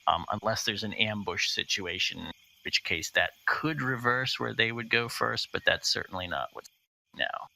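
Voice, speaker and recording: A man narrating a tabletop game as game master and explaining the rules, halting with many fillers and restarts. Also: on the low side, animated, vocal fry, bright, forceful tone, a little hiss or hum, poor audio.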